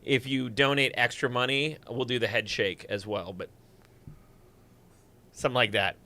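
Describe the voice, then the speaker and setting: A man's voice: mid-range voice, fairly even intonation, moderate pace, sharp tone. A man from Superior, Wisconsin, a guest musician joking dryly in casual livestream chat. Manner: dry joking banter.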